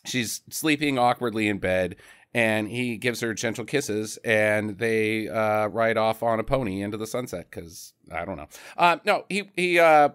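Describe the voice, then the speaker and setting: A man's voice: lowish voice, measured pace, fairly bright tone, clean tone, no room sound, studio quality. A man hosting a casual podcast, recapping a film in a loose, rambling way and slipping into voices. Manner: rambling storyteller who slips into voices. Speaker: podcast host. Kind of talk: casual chat, movie recap.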